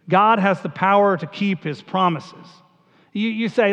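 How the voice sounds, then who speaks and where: A man's voice: sits high, expressive, a little slow. A man preaching a sermon to his congregation, conversational and emphatic, often repeating himself. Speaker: pastor. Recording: dull sound, long hall reverb.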